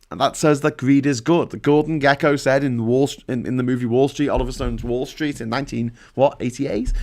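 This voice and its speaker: A man's voice: medium pitch, fairly bright tone. Profane man ranting on a stream. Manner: profane, rambling, frequent restarts. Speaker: livestream host. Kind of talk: casual ranting monologue.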